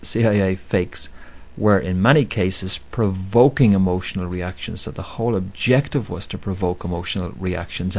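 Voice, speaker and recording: A man with a very deep voice is talking through a long radio commentary. He stresses his points by repeating them and often pauses on fillers. He keeps the tone of an opinionated show host throughout. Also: darkish tone. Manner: emphatic, repetitive, with many fillers. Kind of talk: monologue commentary.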